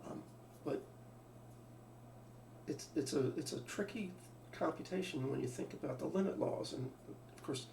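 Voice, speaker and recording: A man's voice: on the high side, normal speed, gravelly, darkish tone. A man teaching a math lesson, thinking aloud, restarting phrases and asking rhetorical questions. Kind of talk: lecture. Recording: roomy sound from a distant mic, faint background hum.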